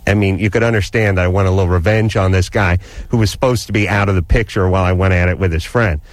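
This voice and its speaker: A man on a radio call-in show, telling a rambling story in a casual, animated way and laughing as he goes. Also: low-pitched, quick pace, no room sound. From Los Angeles area.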